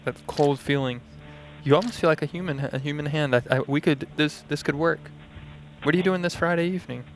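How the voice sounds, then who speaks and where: A man's voice: fairly high pitch, fairly quick, soft background music. A man co-hosting a comedy call-in show, talking in a playful, mock-earnest way. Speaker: co-host. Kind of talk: comic improv call-in.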